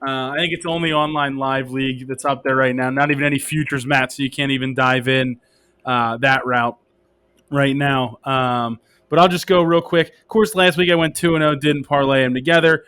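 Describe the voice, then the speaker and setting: A man's voice: mid-range voice, fairly even intonation, moderate pace, fairly bright tone, clean tone. A man hosting a casual sports betting podcast, moving the talk along and reading out betting odds. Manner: leads the segments, reads out betting lines. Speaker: podcast host.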